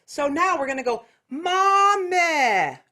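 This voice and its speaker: An American woman teaching an online singing lesson, explaining technique and breaking into loud nasal vocal exercises. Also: on the high side, sing-song, normal speed. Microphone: video call.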